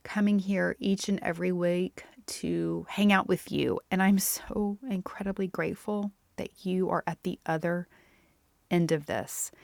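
Woman podcast host, chatty one-on-one delivery, gravelly fry, dry close sound. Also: fairly low pitch, dry recording. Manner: chatty, warm-hearted, addresses listener as "my friend". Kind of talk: casual solo podcast monologue.

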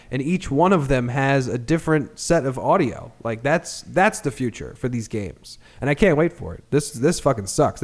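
A man co-hosting a casual sports podcast, talking in an animated, opinionated and profane way. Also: medium pitch. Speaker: podcast co-host.

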